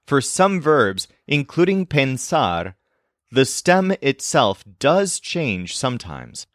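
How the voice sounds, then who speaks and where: Slow, animated male language teacher. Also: mid-range voice, no echo, clean studio sound. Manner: patient, deliberate, sounds out example words slowly. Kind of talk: scripted explanatory lesson.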